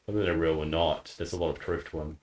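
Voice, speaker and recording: A man's voice: a bass voice, fairly even intonation, fast talker, darkish tone. An Australian man talking in a rambling way on a casual podcast, saying "like" over and over. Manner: rambling, leans heavily on "like". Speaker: podcast co-host. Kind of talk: casual chat. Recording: roomy echo.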